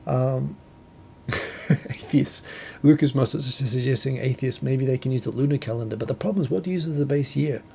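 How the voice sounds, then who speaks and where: A man's voice: mid-range voice, a little fast, creaky, dark tone, a little hiss or hum. A man from New Zealand with a New Zealand accent, hosting a casual solo talk show and rambling with self-corrections and chuckles. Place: home, Tokyo.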